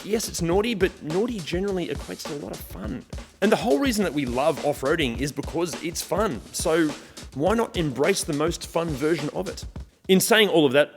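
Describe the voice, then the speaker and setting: An Australian man hosting a car video, talking to camera in a lively, chatty way with wry humour. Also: a little high. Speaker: car channel host. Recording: roomy reverb with music behind.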